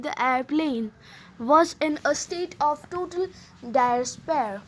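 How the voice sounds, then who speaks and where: A woman's voice: sits high, slow pace, slight background noise. A woman narrating a children's audiobook, with hesitant fillers and small slips. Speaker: audiobook reader.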